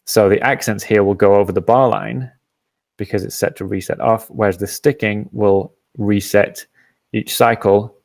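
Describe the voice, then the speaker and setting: A man hosting a live app demo, patiently explaining each step and often pausing with "um". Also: lowish voice, steady tone, vocal fry, a little mellow, no echo. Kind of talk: software demo and Q&A.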